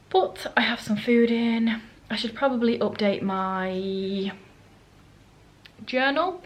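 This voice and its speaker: This solo-trip vlog has a woman talking casually to the camera in a holiday rental flat and performing what people said to her. Her voice is fairly high and a little slow, and the audio quality is poor.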